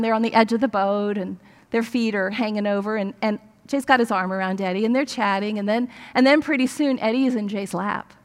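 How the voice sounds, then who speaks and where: An older woman, a grandmother, preaching a sermon through a family story, animated and acting out the dialogue. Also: a little high, long reverb tail.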